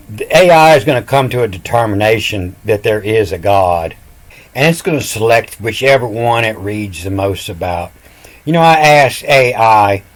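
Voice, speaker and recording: A man in his fifties giving a meandering online lecture on ancient letters, spelling words out letter by letter as he goes. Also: on the low side. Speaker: self-taught ancient language teacher.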